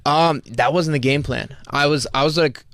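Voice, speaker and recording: A man, a guest on a podcast, telling fight stories casually, fast and full of likes and restarts. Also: fairly high pitch, a bit bright, no room sound. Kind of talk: casual storytelling.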